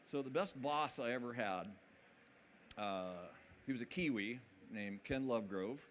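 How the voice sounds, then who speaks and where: A man's voice: mid-range voice, a bit bright, slight background noise. A man giving a motivational conference talk to a live audience in a hall. He talks energetically, jokes and keeps asking the crowd questions. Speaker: conference speaker.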